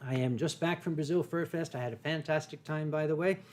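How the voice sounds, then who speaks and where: A man's voice: fairly high pitch, a little fast. An older American man hosting a casual livestream, rambling and joking with lots of fillers and restarts. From United States. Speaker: livestream host. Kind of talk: casual chat while drinking wine.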